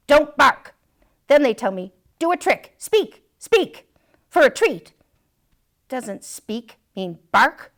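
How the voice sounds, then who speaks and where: A woman reading a picture book aloud, voicing a confused, excitable young dog who loves to bark, eager and bewildered. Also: medium pitch. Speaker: storytime reader.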